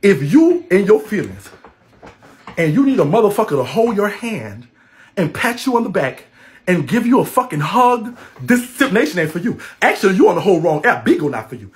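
Brash high-voiced New man ranting. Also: big pitch swings, fairly quick. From New Orleans, Louisiana. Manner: brash, loud, laughing, heavy cursing. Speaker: livestream host. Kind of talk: profane livestream rant. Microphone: phone livestream.

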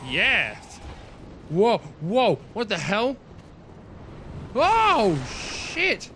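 A young man commentating his own gameplay, excitable, swearing and yelping at what happens on screen. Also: high voice, a little slow, a little hiss or hum. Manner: excitable, swears and yelps at the game. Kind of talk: let's play commentary.

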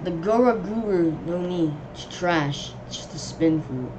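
A woman giving casual, rambling commentary on her gameplay, reacting excitably and yelping when enemies swarm her. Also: lowish voice, measured pace, background noise. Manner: excitable, yelps and shrieks at enemies; rambling running reactions to the game. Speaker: gamer.

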